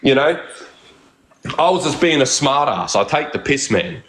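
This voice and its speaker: A man's voice: mid-range voice, very animated, measured pace, fairly bright tone, reverberant, slight background noise, low-quality recording. A man with an Australian accent ranting on a live stream, crude and defensive, swearing constantly. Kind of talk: heated live-stream rant.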